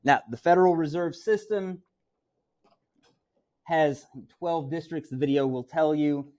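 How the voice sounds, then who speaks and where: A man's voice: a little high, unhurried, a little mellow. A middle-aged man from Missouri lecturing as a teacher, talking conversationally and checking in with "right?" as he goes. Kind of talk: classroom lecture.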